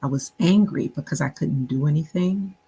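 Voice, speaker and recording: A middle-aged woman, a guest author, recounting a childhood memory in a measured, reflective way with many pauses. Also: sits low, warm tone, breathy edge, rough recording. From Buffalo, New York. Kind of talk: interview storytelling.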